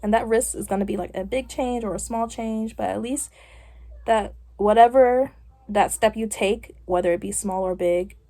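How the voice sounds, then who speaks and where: Here the voice is mid-range and mellow, delivered at an ordinary pace. A young woman getting her hair styled chats casually for her vlog, wandering from thought to thought with frequent fillers.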